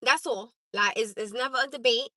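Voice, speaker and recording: A Newark woman with a local accent livestreams from her parked car, speaking frankly and straight to her phone's chat in a casual way. Her voice sits a little high and comes fast, pushed and bright. The audio is poor but has no echo.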